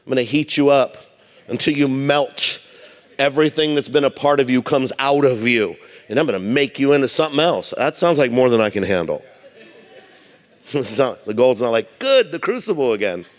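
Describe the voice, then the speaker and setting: Man, pastor, conversational sermon, mid-pitched voice, long hall reverb. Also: expressive, normal speed. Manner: conversational preaching, humorous asides. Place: large church hall.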